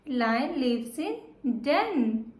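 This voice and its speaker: Woman teacher for a kids' lesson, high voice, very slow and repetitive, echoey room. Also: big pitch swings, darkish tone. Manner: slow, repetitive, asks and answers questions. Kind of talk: children's lesson.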